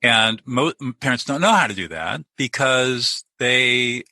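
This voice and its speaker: A man's voice: mid-range voice, animated, unhurried, sharp tone, no echo, poor audio. A middle-aged man, a lawyer turned peacemaker, explaining his ideas earnestly as a guest in a conversational interview, often restarting his sentences.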